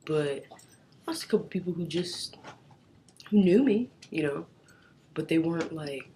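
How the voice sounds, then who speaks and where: A man's voice: fairly high pitch, lively intonation, a little slow, dark tone, slight background noise. A young man chatting casually to the camera in his bedroom, rambling with lots of filler words and casual swearing. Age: young adult. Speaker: vlogger.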